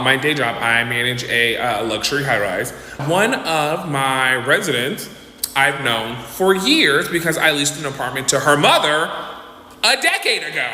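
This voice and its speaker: Guy doing an animated storytime, pitch all over the place, roomy echo, faint noise. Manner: animated, dramatic retelling that acts out quotes. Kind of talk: casual storytime commentary. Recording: echoey reverberant room with faint noise.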